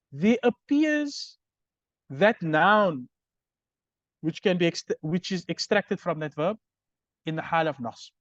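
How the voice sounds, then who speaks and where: A man's voice: high-pitched, no echo, highs cut off. A man teaching Arabic grammar in a recorded lecture, explaining step by step and often checking understanding with "right?".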